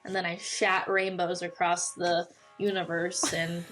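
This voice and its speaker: A woman's voice: fairly low pitch, little pitch movement, unhurried, music in the background. A 21-year-old woman with an American accent, chatting and joking as a podcast guest, often breaking into laughter. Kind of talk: casual interview chat.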